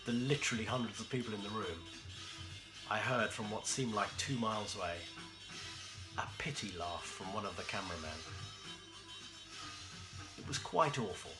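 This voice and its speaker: Deadpan London man over music. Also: lowish voice, low-quality recording. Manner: dry, understated, with pauses and asides. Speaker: comic storyteller. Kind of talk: deadpan comic monologue. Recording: music playing behind.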